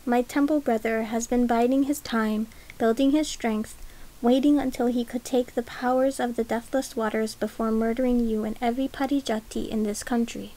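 A woman's voice: on the high side, fairly even intonation, warm tone, lightly acted, low-quality recording. A woman reading a careful noblewoman. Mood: bitter. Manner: measured and careful. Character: guarded, careful noblewoman, regent's wife.

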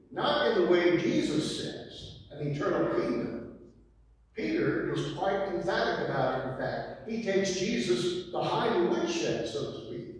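A man preaching a sermon as pastor, asking the listeners pointed rhetorical questions. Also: a little high. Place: church sanctuary. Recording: echoey sanctuary from far off.

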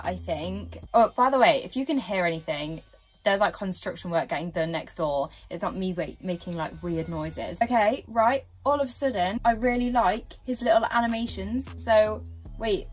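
A young woman giving casual, chatty reaction commentary at home, full of fillers and giggles. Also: medium pitch. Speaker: reaction vlogger.

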